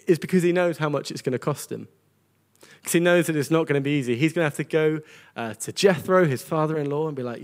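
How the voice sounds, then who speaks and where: A man's voice: a little high, fairly quick. A man preaching a sermon to a congregation, earnest and conversational, often repeating words as he goes. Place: church gathering with a congregation.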